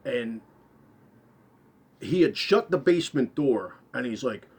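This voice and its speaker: A man telling a first-person story, rambling, repeating and correcting himself, his voice trailing off quietly at the end of phrases. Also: mid-range voice, expressive, slow, slightly rough.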